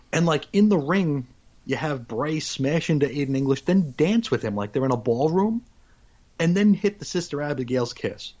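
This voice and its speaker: A podcast co-host with a fairly high, slightly mellow voice chats casually, rambling through his points with many restarts. The audio has its highs cut off.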